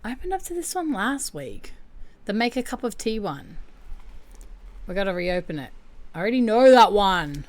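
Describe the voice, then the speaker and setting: A woman's voice: medium pitch, sing-song, moderate pace, long pauses. A young woman hosting a casual livestream chat, candid and chatty, laughing often. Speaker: livestream host.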